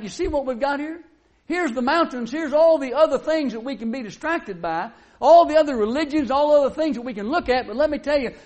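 A man preaching a sermon at a church service, in a folksy, conversational way full of rhetorical questions. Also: very high-pitched.

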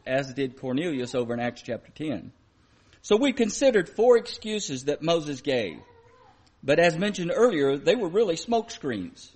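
A man preaching a sermon, reading scripture aloud with slow emphasis and sometimes correcting himself. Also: medium pitch. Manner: plain, earnest delivery with occasional verbal slips.

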